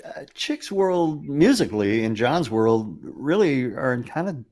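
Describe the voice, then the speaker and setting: An interviewer asks slow, unhurried questions over a video call. The pitch rises and falls in a lively way, with frequent laughter in between. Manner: laughs often, brief backchannels. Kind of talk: casual interview.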